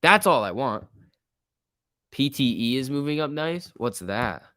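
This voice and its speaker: A young man chats through a stock-market livestream, loose and excitable as he reacts to viewers. His voice sits at a middle pitch and sounds dry and close, with no room around it. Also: a little slow, dry recording. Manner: chatty, reads chat messages aloud, jumpy and excitable. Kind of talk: casual livestream commentary.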